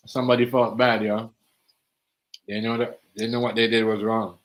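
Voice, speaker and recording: A man in casual conversation drives his points home with emphasis. He keeps checking that the listener follows him, and his voice is low. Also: level tone, normal speed, poor audio. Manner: emphatic, keeps asking "you see what I'm saying". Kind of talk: casual chat.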